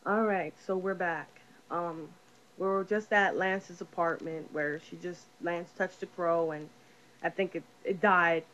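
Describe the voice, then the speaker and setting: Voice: mid-range voice, steady tone, a little slow, lo-fi sound, noisy background. A casual movie reviewer talking through a film's plot in a rambling, profane way, full of fillers.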